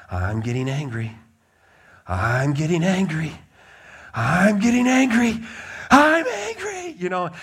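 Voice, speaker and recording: A man preaching a sermon as a pastor, emphatic and blunt, with lively swings in his delivery. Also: medium pitch.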